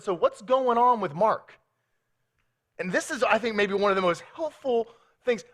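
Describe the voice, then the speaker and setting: A man's voice: a little high, fairly bright tone. A man preaching a sermon as pastor, telling stories with playful acted quotes.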